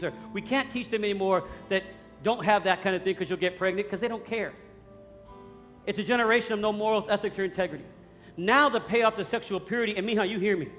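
Fervent high-voiced man preaching. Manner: fervent preaching, rising to shouts. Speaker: pastor. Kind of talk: sermon. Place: large church sanctuary. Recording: long hall reverb, faint music.

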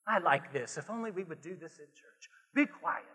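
A man preaching a sermon as pastor, swinging between hushed lines and shouted refrains. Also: a little high, animated, a little fast, breathy edge. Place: church sanctuary. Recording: long hall reverb.

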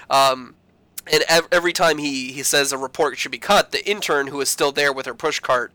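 A man in his thirties co-hosting a podcast, recapping casually and acting out quoted characters in lively voices, swearing freely. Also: medium pitch, normal speed, no echo, low-quality recording. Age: 30s. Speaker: podcast co-host.

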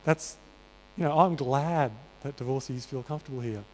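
Earnest preacher in a ringing hall. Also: male voice, medium pitch, moderate pace, slight background noise. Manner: earnest, conversational, many fillers. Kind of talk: sermon. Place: church hall. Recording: reverberant church hall.

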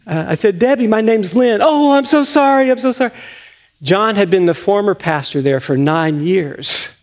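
An older man, a retiring pastor preaching a folksy, storytelling sermon in a church sanctuary. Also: fairly high pitch.

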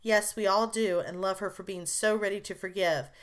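A woman reading aloud as a shy, loving young sister who speaks softly and affectionately. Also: mid-range voice, fairly even intonation, moderate pace, close to an everyday voice. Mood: tender. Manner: soft, affectionate.

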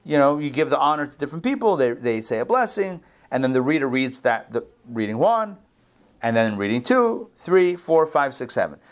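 A man's voice: medium pitch, very animated, moderate pace. A man teaching a Torah class over a video call, talking casually, correcting himself and checking in with his listeners. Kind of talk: conversational online Bible class.

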